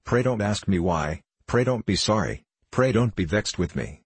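A man voicing a pale, tearful young girl, gentle and pleading, in a storybook reading. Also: on the low side, animated, normal speed, breathy edge, no room sound.

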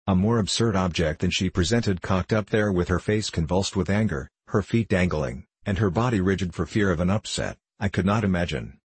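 A man narrating an audiobook in a measured storytelling manner. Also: deep voice, husky, no room sound.

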